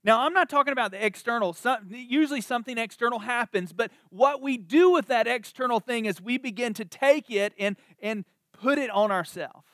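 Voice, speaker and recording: High-voiced man preaching with emphatic conviction. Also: a little fast, few pauses, fairly bright tone, dry recording. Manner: conversational and emphatic, drawing out key words. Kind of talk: sermon. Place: church service.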